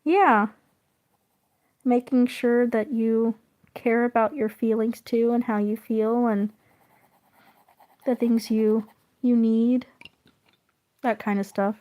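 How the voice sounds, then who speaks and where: Woman chatting to her viewers while she colours, soft encouraging tone, voice sits a bit high. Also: fairly even intonation, slow, pauses often. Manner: gentle, encouraging, affirming. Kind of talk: casual chat.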